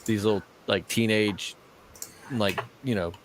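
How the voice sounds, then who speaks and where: A man's voice: fairly low pitch, fairly even intonation, unhurried, slight background noise. Man in his thirties telling a story. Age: 30s. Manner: laughing storyteller, puts on voices for friends. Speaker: podcast host. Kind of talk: casual storytelling chat.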